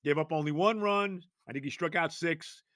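An older man hosting a sports podcast, ranting loudly and exasperated, hammering points with shouted repetition. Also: on the high side, normal speed, no echo, clean studio sound. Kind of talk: sports talk rant.

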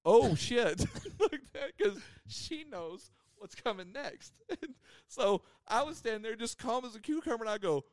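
A man's voice: very high voice, very animated, unhurried, no room sound, clean studio sound. A man, telling a rambling story on a podcast with lots of laughter. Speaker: podcast host. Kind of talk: casual storytelling.

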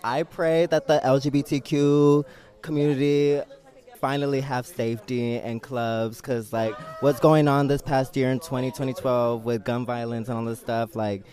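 Casual emphatic man, quick message. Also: medium pitch, flat delivery, darkish tone. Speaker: drag performer interviewed at an event.

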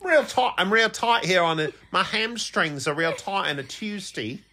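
A man's voice: medium pitch, expressive, moderate pace, a bit bright, natural voice. A man hamming up a cheeky British gym trainer. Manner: exaggerated, goofy fake British accent.

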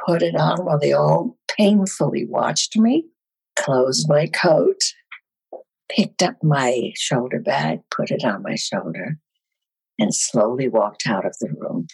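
An older woman, a guest actress, telling animated stories on a podcast with a husky voice. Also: low-pitched, takes it slowly, low-quality recording. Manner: animated storyteller. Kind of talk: podcast storytelling.

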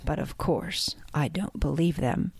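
A woman voicing a sly, smooth-talking male fox in a storybook, speaking in a honeyed, flattering way. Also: sits low, a little slow, no room sound, voice pushed down, full character voice.

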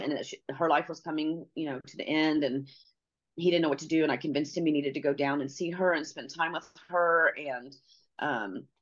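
Low-voiced middle-aged woman telling her story. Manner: halting, with many pauses and restarts. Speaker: podcast guest. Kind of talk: personal storytelling in an interview. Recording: slightly dull lo-fi audio.

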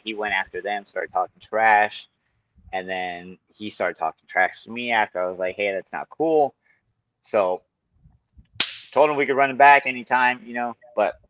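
A man with a lowish voice telling fight stories in a loose, animated way, swearing freely. The sound is dry and a bit dull, like a lo-fi recording with no room around it. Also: dry recording. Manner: animated storytelling, swears often. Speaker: guest, kickboxer and Muay Thai instructor. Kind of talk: casual podcast chat.

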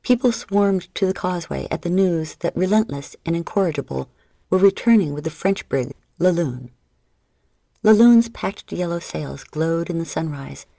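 Woman narrator, low pitch, dark mellow tone, measured dramatic reading, dry studio sound. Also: vocal fry, dry recording. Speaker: audiobook narrator. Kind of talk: scripted narration.

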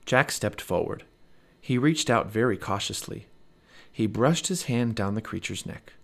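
A man narrating a children's storybook aloud as a parent, with an expressive read-aloud delivery. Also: fairly low pitch, unhurried, gravelly.

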